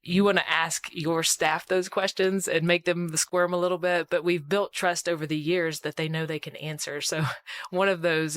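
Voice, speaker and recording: A woman guest on a business podcast, talking briskly and practically in casual chat and laughing often. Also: sits low, a bit bright.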